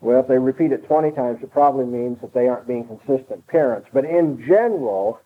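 Tinny-sounding preacher man, emphatic. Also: fairly quick. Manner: emphatic, repeats points with rising pitch. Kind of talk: expository sermon. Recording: tinny phone-like broadcast sound.

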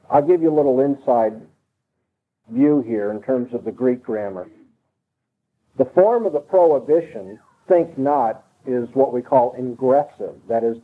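A man preaching an expository sermon, emphatic and driving his points home by repeating them. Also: medium pitch. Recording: tinny phone-like broadcast sound.

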